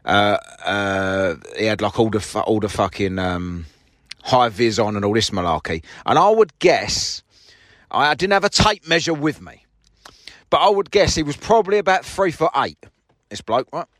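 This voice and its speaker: A man's voice: on the low side, expressive, moderate pace, fairly bright tone, no echo. A man telling a sweary, mocking story in a casual monologue from his parked car. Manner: sweary, mocking, acts out both sides of a quarrel. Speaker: podcast host.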